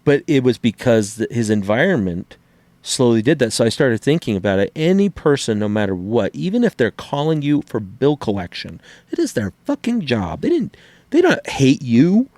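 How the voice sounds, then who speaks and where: A middle-aged man co-hosting a podcast in casual chat, an animated storyteller who acts out quotes and swears freely. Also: medium pitch, normal speed, no room sound. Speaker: podcast co-host.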